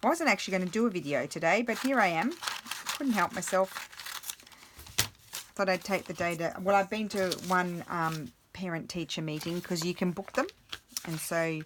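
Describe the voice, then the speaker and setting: A woman's voice: fairly low pitch, moderate pace, background noise. A woman in her forties chatting casually about her day while crafting, rambling with many fillers and restarts. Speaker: craft vlogger.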